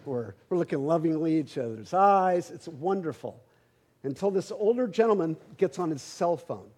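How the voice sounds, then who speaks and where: A man's voice: a little high, expressive, moderate pace, darkish tone, breathy edge. A middle-aged man, a pastor, preaching a sermon through a humorous, conversational personal story, often repeating words as he starts sentences.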